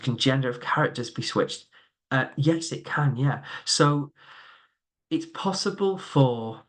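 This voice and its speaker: A man runs an online training session for teachers over a computer mic, reading out their questions and answering them. His delivery is loose and conversational, full of ums and small restarts. His voice sits at an ordinary middle pitch. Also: fairly bright tone. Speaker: subject advisor leading a teacher training webinar.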